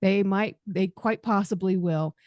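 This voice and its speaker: A woman's voice: mid-range voice, a little slow, darkish tone, no echo. A woman hosting a podcast interview, friendly and giggly. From American South. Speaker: podcast host. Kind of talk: casual interview chat.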